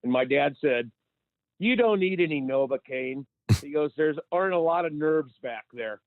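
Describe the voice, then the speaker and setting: A man's voice: fairly high pitch, lively intonation, normal speed, dry recording. A man calling in to a radio show, telling a story in a matter-of-fact way. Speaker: caller. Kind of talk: call-in radio chat. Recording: tinny phone line.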